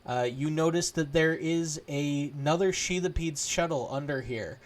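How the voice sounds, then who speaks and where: A man narrating a tabletop game as game master, halting, with many restarts and fillers. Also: on the high side.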